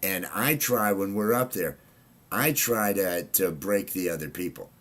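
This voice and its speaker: Low-voiced man rambling on a livestream. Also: unhurried, fairly bright tone. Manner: rambling, many fillers and restarts. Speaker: livestream host. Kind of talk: casual livestream chat.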